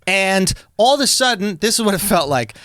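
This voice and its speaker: A young man telling a story on a comedy podcast, loud and excitable, breaking into shouts. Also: high-pitched, fairly quick, no room sound, studio quality. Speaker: podcast co-host.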